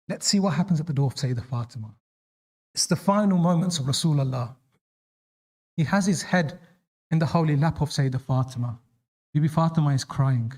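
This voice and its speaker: A man's voice: animated, brisk, darkish tone. Man preaching a dramatic sermon. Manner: dramatic, voices quoted lines with rising pitch. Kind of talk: sermon storytelling.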